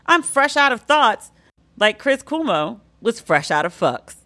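A woman hosting a solo pop-culture podcast, talking in a sassy, sarcastic, animated way. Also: a little high, a little slow. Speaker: podcast host.

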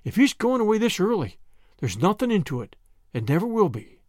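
A man's voice: sits high, very animated, fairly quick, darkish tone, no room sound, studio quality, pitched above the performer's own voice. A man voicing a gossipy, eager young female housemaid who chatters breathlessly in rustic grammar. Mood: excited.

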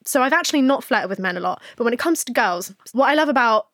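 Frank, high-voiced woman host. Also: expressive, fast talker, a bit bright, dry recording, studio quality. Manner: frank, swears freely, laughs often. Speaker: podcast host. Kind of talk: candid casual chat.

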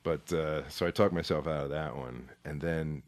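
A man's voice: a bass voice, normal speed, a crowd in the background. An older man, an actor being interviewed, chatting casually, often searching for words and restarting his sentences. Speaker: actor guest.

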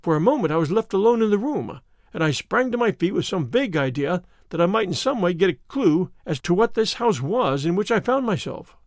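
A man narrates a classic detective tale with measured drama. His voice sits high and moves a lot, recorded dry and close to the mic. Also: animated, no room sound. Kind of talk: classic story reading.

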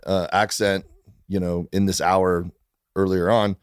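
A man from Florida, a comedian guest in casual chat, making calm, reflective points. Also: low voice, measured pace, smooth, dry recording, clean studio sound.

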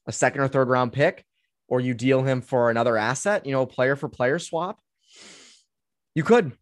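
A young man hosts a solo sports podcast in a relaxed, opinionated way, filling pauses with ums and uhs. His voice sits at a middle pitch. The recording is close and dry, with no room sound. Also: no room sound. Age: 20s. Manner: casual, opinionated, many fillers. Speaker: podcast host. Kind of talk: solo sports podcast, answering listener questions.

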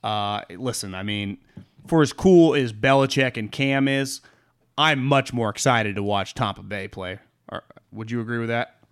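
A man co-hosting a sports betting podcast, talking in a rambling, animated way with frequent swearing and laughs. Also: mid-range voice, normal speed, smooth. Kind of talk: casual sports chat.

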